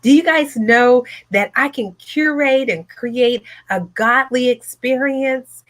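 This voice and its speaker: A woman hosting a retreat, telling her story in a motivational talk with an emphatic, repetitive, animated delivery from her home office. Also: fairly high pitch. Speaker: retreat host, speaker.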